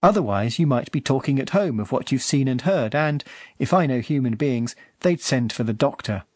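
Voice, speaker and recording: An age-old fairy speaks calmly with a knowing air, as a male reader plays him in an audiobook. The sound is dry and close. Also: mid-range voice, moderate pace, dry recording, close to an everyday voice. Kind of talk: audiobook reading.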